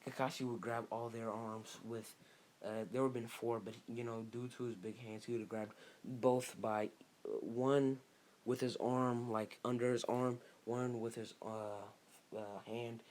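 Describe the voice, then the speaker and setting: Halting man telling a story. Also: mid-range voice, flat delivery, a little mellow, a little hiss or hum. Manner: halting, many fillers and restarts. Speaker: fan storyteller. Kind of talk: casual improvised storytelling.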